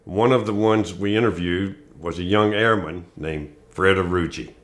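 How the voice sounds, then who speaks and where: A man in an interview recalling past events in a measured way, pausing with fillers. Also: deep voice. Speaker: interviewee, former officer. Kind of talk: recounting in an interview.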